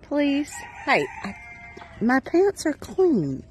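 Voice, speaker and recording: A woman's voice: high-pitched, wildly swooping pitch, extremely slow, darkish tone, faint music behind. Woman cooing at farm animals. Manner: affectionate baby talk to animals, chatty asides to viewers. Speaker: small farm owner filming her animals. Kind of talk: casual farm vlog, talking to animals and viewers. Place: outdoors in a farm pasture. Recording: faint outdoor background noise. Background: chickens clucking and roosters.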